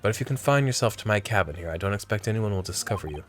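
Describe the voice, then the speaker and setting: A man reading the part of a calm, confident young male law student from a game, in a smooth, self-assured tone. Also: on the low side, racing, faint music behind, voice pushed down, natural voice.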